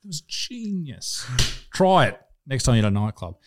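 A man's voice: mid-range voice, moderate pace, background noise. A man in his thirties, a podcast co-host telling stories in casual chat and laughing often. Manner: animated storyteller, laughs often.

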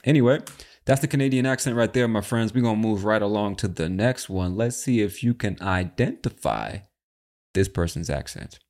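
Deep-voiced laid-back podcast host. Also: male voice, normal speed, a little mellow. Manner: laid-back, chatty, swears casually. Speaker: podcast host, English teacher. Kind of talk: casual podcast lesson.

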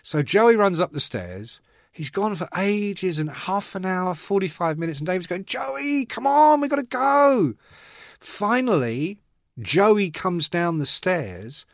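Animated Irish-born man telling stories. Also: high voice, a little slow, dry recording, studio quality. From Ireland. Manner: animated storyteller, puts on voices for the people in his stories. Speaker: podcast guest. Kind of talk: casual anecdote telling.

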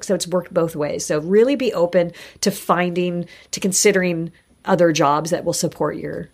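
A middle-aged woman talks as a podcast guest in a voice a bit lower than most women's. She tells her stories in an animated, chatty way, slipping into the voices of the people she quotes. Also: normal speed. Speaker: guest, actor and insurance broker. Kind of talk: casual interview storytelling.

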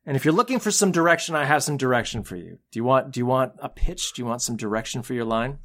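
A man's voice: mid-range voice, animated, fast, a bit bright. A man hosting a casual podcast chat, blunt and jokey as he ranks films and signs off. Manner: blunt, jokey, wraps up the show. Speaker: podcast host.

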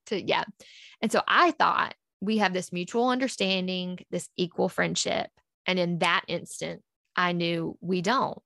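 A woman's voice: on the low side, gravelly, fairly bright tone, dry recording, studio quality. A woman, a podcast guest, earnestly recounting a personal story and acting out past conversations in quotes.

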